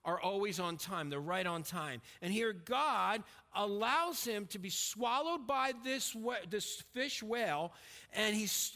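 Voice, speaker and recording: A middle-aged man preaching a sermon as pastor, emphatic and dropping to a quiet intensity when he tells a personal story. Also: high voice. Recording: long reverb of a hall.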